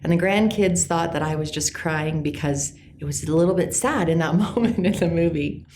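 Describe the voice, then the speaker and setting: Middle-aged woman, lowish voice, earnest reflective vlogger, soft delivery. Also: slight background noise. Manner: gentle and earnest, slowing on key words. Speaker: class teacher sharing personal reflections. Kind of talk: reflective personal talk to camera.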